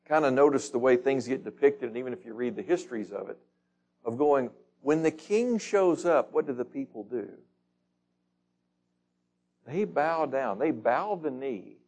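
A man's voice: medium pitch, darkish tone. A man leading a Bible study, reading scripture aloud and putting questions to the group in a casual, conversational teaching manner.

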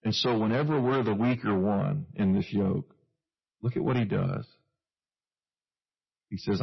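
Male preacher, husky gravelly voice, easygoing sermon, muffled lo-fi recording. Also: on the low side, a little slow, pauses often. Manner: conversational, with self-deprecating asides and chuckles.

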